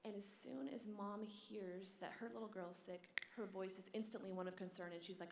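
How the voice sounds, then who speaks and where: A religious sister giving a talk at a conference, telling stories with animated energy and dropping to a hushed whisper at tender moments. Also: female voice, medium pitch, normal speed, gravelly, slight background noise. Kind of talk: sermon. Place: large hall. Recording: echoey hall.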